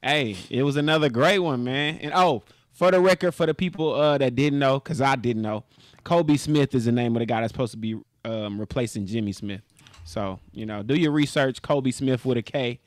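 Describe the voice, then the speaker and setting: Brief: young male co-host, mid-pitched, easygoing, dry close mic. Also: normal speed, no echo. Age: 20s. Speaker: podcast co-host. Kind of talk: casual podcast banter.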